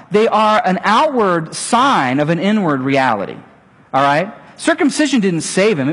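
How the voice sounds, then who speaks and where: Animated husky male pastor in a hall. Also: sits high. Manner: animated, storytelling with acted-out voices. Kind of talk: sermon. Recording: long hall reverb.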